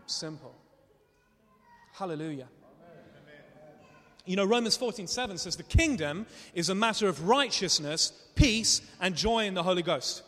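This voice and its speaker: High-voiced man preaching in a hall. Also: unhurried, pauses often. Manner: animated, laughs often while telling stories. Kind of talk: sermon with storytelling. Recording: long reverb of a hall.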